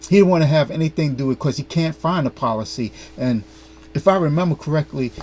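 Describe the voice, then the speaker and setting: A man's voice: on the high side, darkish tone, husky. A man hosting a commentary vlog, speaking in an earnest and pointed way. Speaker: host.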